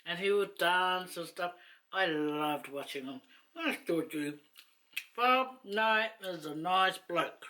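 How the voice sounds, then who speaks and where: A woman's voice: lowish voice, takes it slowly, pushed and bright. A woman chatting casually to camera while eating, rambling and laughing between asides. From New Zealand. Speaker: mukbang vlogger.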